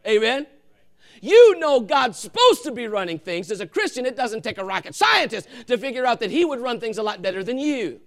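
Male pastor, passionate sermon delivery, high voice with wide swings, shifting between loud calls and quiet asides. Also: very animated, normal speed.

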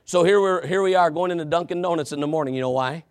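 A man preaching a sermon, telling a story with asides to the congregation and swinging from shouting to quiet confession. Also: a little high, fast, clear, resonant tone.

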